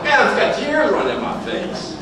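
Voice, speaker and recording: A man's voice: extremely high pitch, huge pitch swings, moderate pace, crowd noise. An older man telling folksy stories at a recovery meeting, repeating phrases and chuckling as he goes. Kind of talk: storytelling speaker's talk at a meeting. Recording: very echoey hall, heard from far off.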